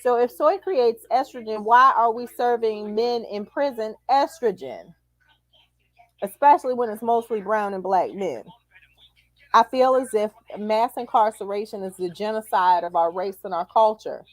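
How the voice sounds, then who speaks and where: A woman's voice: on the high side, expressive, moderate pace, no echo, rough recording. A woman hosting a casual talk show, outspoken and opinionated, with a joking edge. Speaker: show host.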